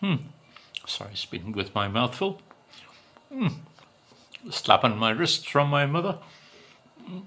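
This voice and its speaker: A man from Britain tasting cakes on his food vlog, talking slowly and musing, humming as he savors each bite. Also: medium pitch, very animated, pushed and bright. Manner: slow, musing, savoring with hums between bites. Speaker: food vlogger.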